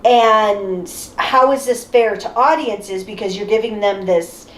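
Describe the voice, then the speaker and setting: A woman co-hosting a casual group discussion, chatty and animated, often breaking into laughter. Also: medium pitch, a little slow. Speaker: podcast co-host. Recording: roomy echo.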